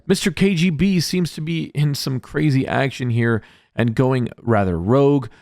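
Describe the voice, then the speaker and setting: A man's voice: medium pitch, moderate pace, gravelly, a little mellow, no echo. A man narrating his poker hands as a vlog voice-over, upbeat and jokey in a play-by-play way. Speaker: poker vlogger. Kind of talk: voice-over hand recap.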